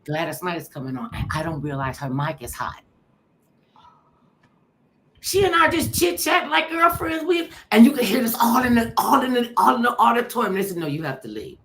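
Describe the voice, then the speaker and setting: A middle-aged woman hosting a chat, telling funny stories in an animated way and acting out what people said. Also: on the high side, moderate pace. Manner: animated, laughing storyteller who acts out quotes. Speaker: show host. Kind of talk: storytelling chat.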